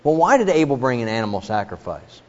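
A man preaching a sermon in an animated, questioning manner, with asides to the congregation. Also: medium pitch, fast. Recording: dull recording with long hall reverb.

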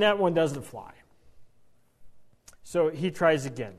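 A male Bible teacher talks through the lesson in a conversational, animated way, stumbling into restarts and tossing off wry asides. His voice sits a little high for a man. A long hall reverb hangs on every phrase. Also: slow pace, long pauses.

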